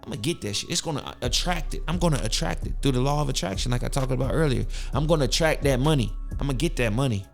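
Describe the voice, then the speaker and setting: A man's voice: medium pitch, lively intonation, fast, creaky, few pauses, soft background music. A man hosting a podcast, giving a hyped-up, preachy motivational talk full of cussing. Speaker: podcast host.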